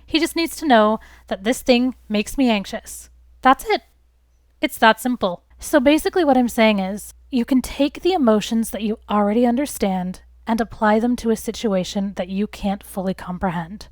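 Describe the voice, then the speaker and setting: A woman's voice: a little high, normal speed, dry recording. A young woman hosting a relationship advice talk, speaking earnestly and reassuringly and explaining through everyday examples. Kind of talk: casual advice talk to camera.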